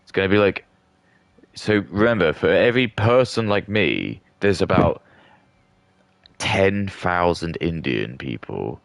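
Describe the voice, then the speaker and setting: A man's voice: low-pitched, expressive, unhurried, creaky, dry recording. A man streaming and ranting in casual commentary, rambling with many filler words and restarts.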